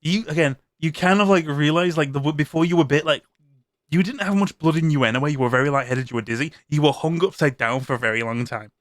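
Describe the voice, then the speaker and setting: A man's voice: on the high side, fast, dry recording, clean studio sound. A man narrating a tabletop game as game master, telling the scene in a casual second-person style.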